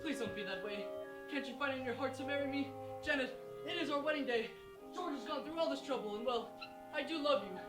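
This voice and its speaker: An actress playing an earnest, pleading lovesick young groom on a school stage, with music behind. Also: female voice, high-pitched, quick pace, recorded from a distance, natural voice. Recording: echoey stage sound from afar, music.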